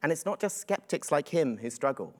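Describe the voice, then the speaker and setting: A man's voice: on the high side, big pitch swings, a little fast, a little mellow. A man preaching a reflective, earnest sermon with frequent ums and uhs.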